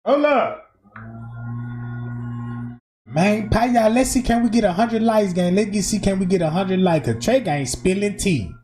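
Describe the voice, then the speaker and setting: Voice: mid-range voice, unhurried, long pauses. A streamer giving casual, emphatic and profane commentary over video footage. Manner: animated, emphatic, slangy and profane.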